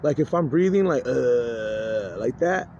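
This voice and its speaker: A man's voice: a little high, animated, unhurried, darkish tone. A man giving a rambling, agitated personal monologue, cursing and stumbling through many restarts. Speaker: vlogger. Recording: dull lo-fi recording, faint noise.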